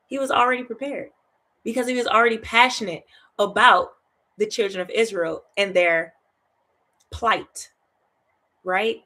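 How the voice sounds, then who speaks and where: Animated, chatty woman Bible study host. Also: a little high. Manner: animated, chatty, laughs often, keeps asking "right?"; repeats phrases for emphasis. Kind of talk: casual Bible study teaching.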